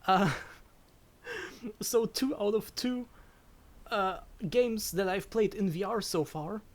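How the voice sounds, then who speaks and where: A woman's voice: medium pitch, slow. A woman chatting casually on a live game stream, giggling often, stumbling over her words and swearing when startled. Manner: giggly, stammers and restarts often. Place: at home.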